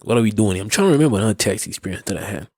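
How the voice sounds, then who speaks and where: A man's voice: on the low side, expressive, rapid-fire, a little mellow, slightly rough, no room sound, clean studio sound. A young South African man hosting a podcast, telling a story in a rambling way with many restarts and frequent laughs. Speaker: podcast host. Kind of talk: casual storytelling.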